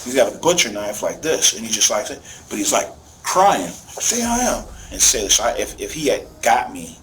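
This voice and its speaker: A father being interviewed, telling an emotional story in an animated way and acting out shouted quotes. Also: lowish voice, a little fast, a little hiss or hum, poor audio.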